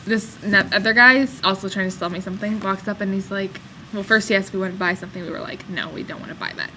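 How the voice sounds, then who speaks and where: A woman's voice: mid-range voice, steady tone, fast talker, background noise. A young woman chatting and telling a story playfully as a vlog co-host. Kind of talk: casual chat.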